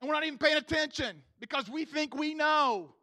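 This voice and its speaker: High, bright-voiced casual preacher man. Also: fairly quick, dry recording, studio quality. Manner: casual, slangy, keeps asking the congregation for agreement. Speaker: pastor. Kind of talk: sermon. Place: church room with a congregation.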